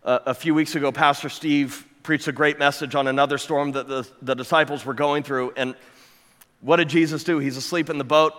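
A man's voice: on the high side, fairly even intonation, brisk, a bit bright. A man preaching a sermon as a pastor, emphatic, building his points with repeated phrases and rhetorical questions to the congregation. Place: church sanctuary. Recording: long hall reverb.

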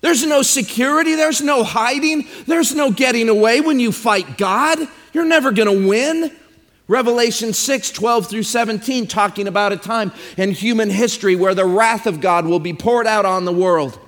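High-voiced preacher in a reverberant hall. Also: male voice, a bit bright. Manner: emphatic, drawn-out preaching with repeated phrases. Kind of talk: sermon with scripture reading.

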